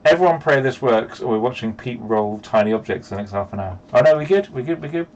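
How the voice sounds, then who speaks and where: A man's voice: medium pitch, animated, fast, darkish tone, lo-fi sound. A man narrating and running a tabletop role-playing game as dungeon master, playful and teasing, laughing often.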